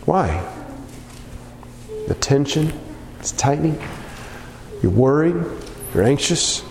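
A man preaching in a church hall, his voice rising and falling in a lively way. He pitches a bit high and acts out the people in the story he tells. The sound rings with long reverb from the room. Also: takes it slowly, creaky, pauses often, a little hiss or hum. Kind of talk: sermon.

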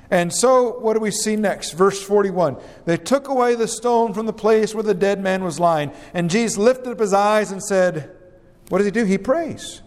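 A man preaching a verse-by-verse sermon, acting out quoted lines and asking his listeners rhetorical questions. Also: in a large hall. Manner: animated, acts out quoted lines with rising pitch; asks the congregation rhetorical questions. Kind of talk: expository sermon.

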